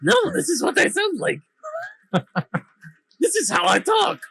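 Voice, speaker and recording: A woman doing a squeaky, jumpy beholder with a fake Slavic accent. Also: huge pitch swings, normal speed. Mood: insistent. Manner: mock-Slavic accent, dropped articles.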